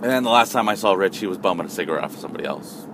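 Man, low voice, casual storyteller who rambles with asides; street noise under it. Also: rapid-fire, gravelly. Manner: rambling, conversational, lots of asides.

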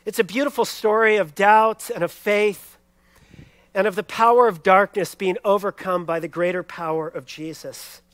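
High-voiced man preaching a sermon. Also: no echo. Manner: expressive storytelling, swings between loud and hushed. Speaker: pastor.

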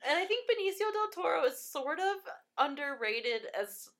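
A woman's voice: sits high, very animated, moderate pace, fairly bright tone. A woman chatting casually about a film, rambling with lots of fillers and laughing often.

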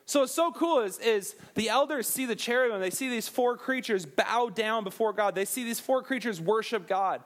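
A man's voice: high-pitched, moderate pace, few pauses, fairly bright tone. A young man preaching a sermon to a youth group in a casual, joking way, calling the listeners guys.

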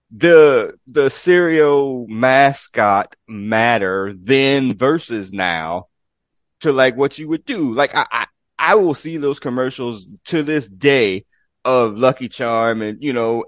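A man's voice: medium pitch, no room sound. A man hosting a casual podcast chat, rambling loosely with lots of fillers. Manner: laid-back, rambling, with frequent fillers and laughs. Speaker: podcast host.

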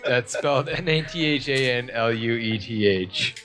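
A man's voice: medium pitch, moderate pace, a bit bright, faint music behind. A man chatting casually as a player on a role-play podcast, giggly and playful. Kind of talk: casual chat at a game table.

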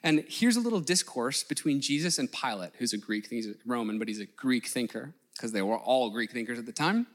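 Lively, animated male preacher. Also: medium pitch, a little fast, hardly any pauses. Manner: animated, conversational, acts out quoted voices. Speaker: pastor. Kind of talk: sermon.

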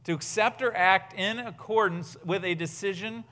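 A man's voice: high voice, normal speed, sharp tone. A man preaching a sermon in an earnest, questioning manner, building to emphatic outbursts. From United States. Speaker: pastor.

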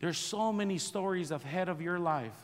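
A middle-aged man preaching as a pastor, telling a personal testimony in an animated, self-mocking way with frequent laughter. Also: high voice, normal speed, long reverb tail. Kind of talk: sermon testimony storytelling.

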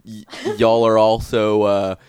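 Playful low-voiced male podcast host. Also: flat delivery, a little mellow, smooth, dry recording. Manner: playful, slow and halting when introducing guests. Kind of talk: casual podcast chat.

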